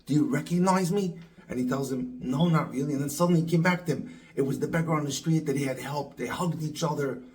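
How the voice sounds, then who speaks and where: A man, a rabbi and dating coach, telling a moral story and acting out the quoted lines in lively voices. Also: fairly high pitch, fast talker, hardly any pauses, low-quality recording.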